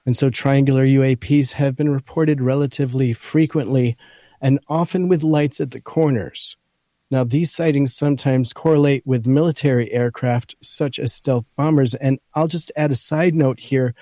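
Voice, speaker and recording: A man's voice: medium pitch, steady tone, normal speed, mellow, no room sound. A man with a scratchy voice, co-hosting a podcast and talking through an article in casual chat. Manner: talks through a list point by point. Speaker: podcast co-host.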